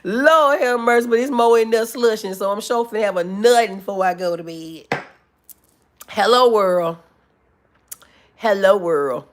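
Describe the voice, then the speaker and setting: A woman's voice: fairly high pitch, brisk, few pauses. A woman hosting a casual livestream, chatting with viewers, reading comments aloud, laughing and whooping. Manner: animated, laughing, loud whoops, reads chat aloud. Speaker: livestream host.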